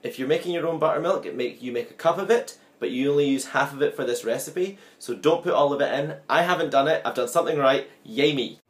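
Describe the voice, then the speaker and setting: A man's voice: fairly high pitch, fast talker, few pauses. A man chatting through a home-baking vlog, upbeat and self-mocking as he works in his kitchen. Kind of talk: casual baking vlog chat.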